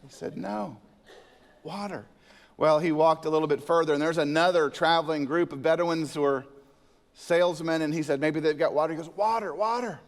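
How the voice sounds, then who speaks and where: A male senior pastor preaches in a slightly high voice at a quick pace, weaving scripture together with stories and leaning hard on key words. He tells a joke and emphasizes with animation, all under a long church-hall reverb.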